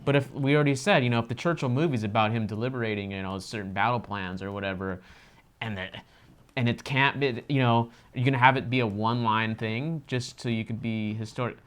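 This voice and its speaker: Male co-host, mid pitch, earnest and emphatic, casual reaction talk, swears a lot. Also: brisk, a bit bright, smooth.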